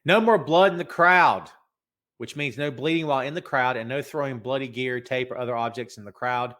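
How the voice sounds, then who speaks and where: A man's voice: mid-range voice, brisk, a bit bright. A middle-aged man hosting a wrestling podcast, rambling and joking in casual chat while fighting a head cold. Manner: rambling, joking, talks to a co-host. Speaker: podcast host.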